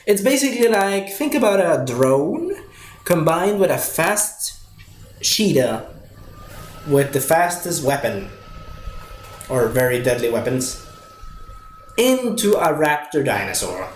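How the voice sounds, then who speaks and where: Rambling man reviewing a movie, slightly high voice. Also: big pitch swings, slow pace, long pauses. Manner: rambling, with many fillers and restarts. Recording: echoey room with faint noise.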